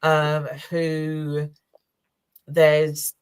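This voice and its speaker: Deep and smooth, this woman's voice is completely flat, with drawn-out words. A co-host in her sixties on a community chat show, she tells personal stories in a chatty, emotional, warm way, laughing as she goes.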